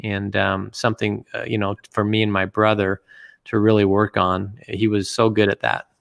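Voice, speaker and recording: A middle-aged man with a gravelly, creaky voice tells family stories as an interview guest. He rambles in a relaxed way, full of fillers and restarts. The sound is dry and close, with little room behind it. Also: fairly low pitch, moderate pace, dry recording. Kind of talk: anecdotal storytelling.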